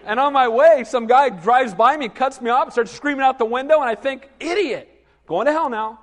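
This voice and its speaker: High-voiced man preaching in a reverberant hall. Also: fairly quick. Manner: animated storytelling with asides to the congregation. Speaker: pastor. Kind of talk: sermon.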